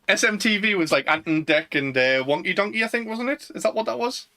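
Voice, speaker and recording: A man's voice: high voice, lively intonation, a little fast, bright, forceful tone. A British man co-hosting a podcast in casual chat, rambling and laughing often. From Britain. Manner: giggly, rambling, trails off mid-sentence. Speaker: podcast co-host. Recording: live-streamed podcast.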